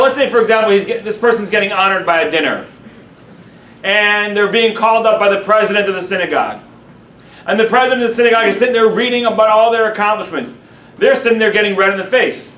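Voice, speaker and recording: A rabbi with a high-pitched voice gives a lively class lecture, acting out his examples for the room. He sounds a little far from the microphone, with noticeable room echo and a faint background noise.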